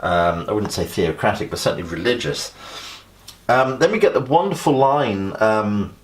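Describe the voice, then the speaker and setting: A man with a low voice leads an exam revision lesson on poetry. He talks in a loose, conversational way, pausing on fillers and restarting his sentences. He sounds middle-aged and steady, like a teacher walking students through a text. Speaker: English literature teacher.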